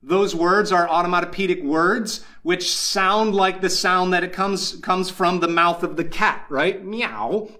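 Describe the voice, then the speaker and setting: A man preaching a sermon as pastor, earnest, slowing down to stress key phrases. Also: high-pitched, fairly even intonation, pushed and bright.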